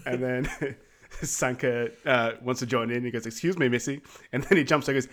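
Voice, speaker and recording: A man co-hosting a podcast, recapping a film in a relaxed way, with ums and quoted scenes. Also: medium pitch, moderate pace. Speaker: podcast co-host. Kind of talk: casual film recap chat.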